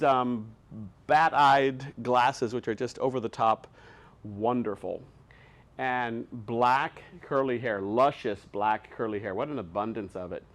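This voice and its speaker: A man in a showroom, showing off pieces from his collection in a loose, chatty way. His voice sits at a middle pitch, and he keeps gushing that everything is fabulous and spectacular. He moves around while he talks. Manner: gushing, enthusiastic, lots of superlatives. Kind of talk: casual product showcase.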